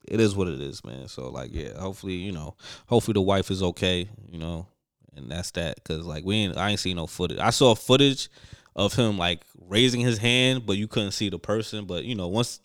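A man's voice: sits low, a little fast, no room sound, studio quality. A man co-hosting a podcast, talking loosely and profanely in casual chat and laughing often.

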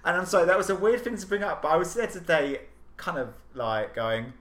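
Give me an animated man co-hosting a chatty podcast, pitch jumping all over, in a roomy space. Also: a little fast. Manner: animated, swearing, gossipy storytelling. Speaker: podcast co-host. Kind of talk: casual chat. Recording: echoey room with faint hiss.

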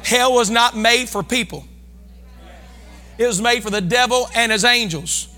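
A man preaching a fervent sermon, calling on his congregation to respond and breaking into shouts. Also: very high voice, a little slow, big-room sound. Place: church sanctuary.

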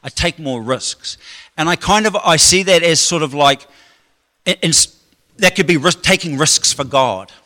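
A man's voice: fairly high pitch, a little slow, bright, forceful tone. A man preaching a sermon in a chatty, rambling way, with joking asides to the congregation. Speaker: pastor. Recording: long hall reverb.

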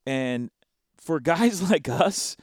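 A man's voice: a little high, expressive, extremely slow, no echo, studio quality. A man hosting a sports talk show, chatting casually and animatedly about a football game, laughing often and restarting his sentences.

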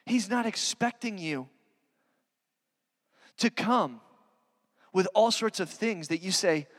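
A man with a strikingly high voice preaches a sermon in a conversational, earnest way, leaning on casual fillers as he talks. His voice rings out with a long reverb, as in a large church hall. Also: animated, slow pace. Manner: conversational, earnest, many "you know" fillers. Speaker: pastor.

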